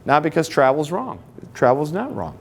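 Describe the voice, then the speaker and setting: A man's voice: fairly high pitch, big pitch swings, moderate pace, husky. A middle-aged man speaking live to an audience at a marriage seminar, conversational and joking, full of personal anecdotes.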